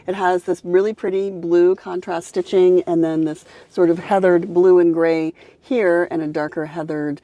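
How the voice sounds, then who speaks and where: Woman doing a casual car walkthrough, upbeat, kinda low warm voice. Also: steady tone, moderate pace, hardly any pauses, no echo, muffled recording. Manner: upbeat, explains features one by one. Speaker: car reviewer.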